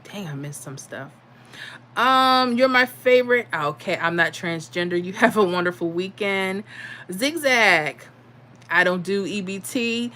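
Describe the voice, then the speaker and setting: A woman's voice: mid-range voice, measured pace, sharp tone, rough recording. A woman from Florida, hosting a casual livestream and answering viewer comments. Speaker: livestream host.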